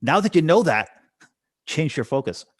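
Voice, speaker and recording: A man's voice: a little high, very animated, moderate pace, no room sound, clean studio sound. A man putting on a male motivational speaker who questions an audience member on stage, upbeat and probing.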